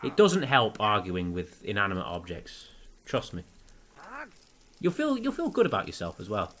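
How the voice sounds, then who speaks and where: A man's voice: fairly low pitch, wildly swooping pitch, normal speed, fairly bright tone. A man commenting on a video game he is playing, sarcastic and prone to laughing and swearing. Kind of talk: let's play commentary.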